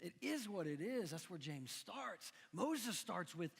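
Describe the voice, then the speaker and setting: A middle-aged man from Missouri preaches with a high, lively voice, talking to the room like a friend and often restarting his sentences. A long echo rolls through the hall behind him. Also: moderate pace, gravelly, husky. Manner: animated, conversational, frequent restarts. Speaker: pastor. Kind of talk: sermon. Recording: long echoing hall reverb.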